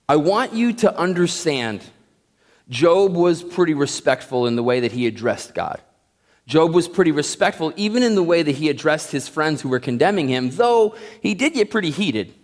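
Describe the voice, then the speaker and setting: A man teaching a Bible lesson in a conversational, joking way. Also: on the high side. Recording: echoey hall.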